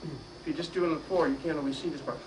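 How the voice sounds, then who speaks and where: A man performing a magic trick for a live audience, teasing them playfully and drawing shouted answers back from them. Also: on the high side, steady tone, fast talker. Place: magic store lecture room, indoors. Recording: distant mic with noisy live room.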